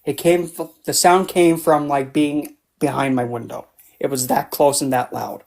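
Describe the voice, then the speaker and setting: A man's voice: medium pitch, steady tone, normal speed, vocal fry, darkish tone. A man who is a book club guest and author, chatting casually and telling meandering anecdotes. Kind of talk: casual livestream chat.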